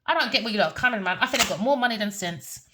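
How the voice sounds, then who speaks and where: A woman's voice: mid-range voice, expressive, very fast, noisy background. A woman giving a heated, repetitive tarot reading rant, cursing and scolding. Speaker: tarot reader.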